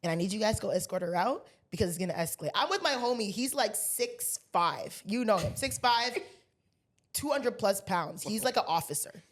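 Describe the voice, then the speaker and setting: A woman co-hosting a podcast, telling a story in a casual, animated way and acting out the people in it with plenty of swearing. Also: medium pitch, a little fast. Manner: animated storyteller, acts out quoted voices, heavy swearing. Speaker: podcast co-host.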